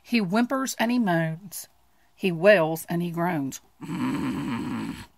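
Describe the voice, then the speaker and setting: Woman reading a kids book aloud, slow and bouncy, bit gravelly. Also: lowish voice, no room sound. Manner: expressive, sound-effect-filled reading. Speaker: storybook reader. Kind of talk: children's storybook read-aloud.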